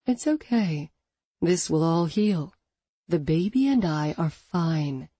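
Give me a calm, soothing injured pregnant woman read by a woman, mellow and husky. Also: low-pitched, takes it slowly, no room sound, heavily acted. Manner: gentle, reassuring.

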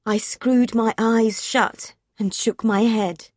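A woman's voice: mid-range voice, slow pace, hardly any pauses, a little mellow, slightly rough, no echo, clean studio sound. A woman narrating a first-person novel, reading in an intimate, emotional way. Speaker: audiobook narrator.

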